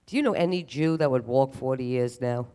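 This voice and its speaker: A man's voice: mid-range voice, fairly quick, clean tone. A man performing a self-deprecating stand-up comedy routine on stage. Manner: animated, self-deprecating delivery. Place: live comedy stage at a museum event.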